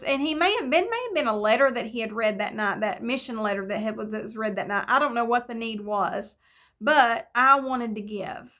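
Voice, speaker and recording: A middle-aged woman tells a personal faith story. Her voice is bright and clear, set a little high. She rambles warmly through fillers and restarts. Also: normal speed. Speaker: devotional speaker. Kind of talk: personal testimony devotional.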